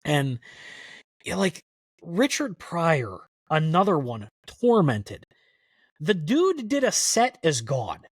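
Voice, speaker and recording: Fairly high and a bit breathy, this man takes his time as a podcast guest. A historian of country music, he tells casual, meandering stories, animatedly reliving them and leaning on "like" as filler. Clean studio sound, dry with no reverb.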